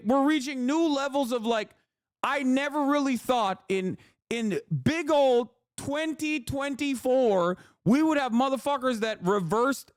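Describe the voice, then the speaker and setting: A man with a very high-pitched voice hosts a stream and rants in casual commentary. He swears freely and mocks with open disbelief. The sound is close and dry, with no room echo. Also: clear, resonant tone. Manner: profane, incredulous, mocking. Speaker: streamer host.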